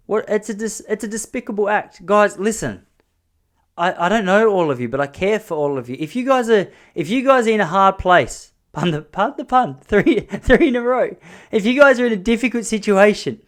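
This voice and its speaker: A man hosting a solo podcast, rambling and joking in an animated way. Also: sits high. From Australia. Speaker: podcast host. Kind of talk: solo comedic monologue.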